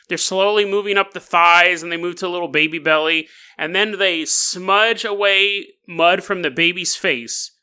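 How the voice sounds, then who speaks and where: A man's voice: high voice, sharp tone, smooth. A man hosting a podcast, retelling a news story as a comedy bit with jokes, tangents and laughs mid-sentence. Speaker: podcast host.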